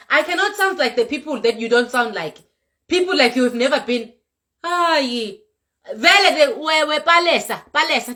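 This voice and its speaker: A woman's voice: sits high, animated, normal speed, pushed and bright. A young South African woman with a South African accent, lecturing her commenters in an emphatic vlog rant and slipping in Zulu words. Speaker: content creator. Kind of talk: direct-to-camera rant vlog.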